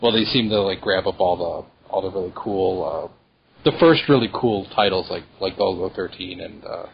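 A man's voice: deep voice, moderate pace, creaky, breathy edge. A man co-hosting a podcast, speaking casually and hesitantly with many fillers. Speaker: podcast co-host. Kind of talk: casual chat. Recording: dull lo-fi audio with faint noise.

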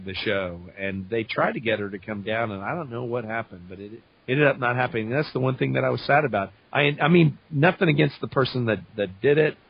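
A man's voice: medium pitch, brisk, vocal fry, hardly any pauses, breathy edge, dry recording. A man, a voice actor guest, telling anecdotes in casual chat. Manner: anecdotal, animated retelling. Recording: dry, dull lo-fi audio.

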